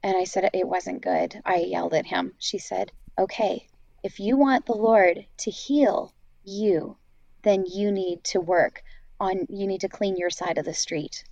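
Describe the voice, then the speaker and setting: A woman's voice: medium pitch, fairly even intonation, measured pace, gravelly, a little mellow, dry recording, poor audio. A woman sharing her own story of healing in a candid, reflective way, with plenty of fillers. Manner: earnest, reflective, many fillers. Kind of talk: candid faith testimony.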